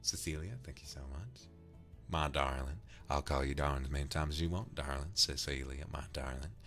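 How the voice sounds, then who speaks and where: A man's voice: a bass voice, fairly quick, fairly bright tone, soft background music. A man from the UK, streaming and casually thanking viewers for donations, affectionately calling them darling. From United Kingdom.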